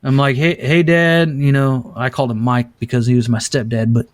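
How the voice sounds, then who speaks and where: A male podcast host in casual chat, swearing freely and telling a lively story. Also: medium pitch, fairly quick, dry recording, clean studio sound. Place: at a desk, showing pictures to a guest.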